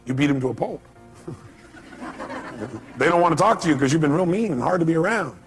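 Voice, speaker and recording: A man's voice: on the high side, animated, brisk, faint music behind. A man speaking live at a seminar, emphatic and repeating his key phrases, firing questions at the audience. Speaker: motivational speaker. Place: seminar hall.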